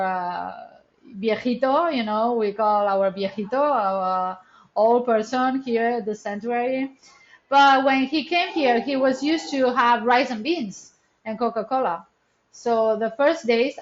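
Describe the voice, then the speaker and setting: A woman's voice: on the high side, muffled recording, slight background noise. A woman, the founder of a wildlife rescue center, talking as a guest in a casual interview with an earnest, chatty storytelling manner and non-native English phrasing.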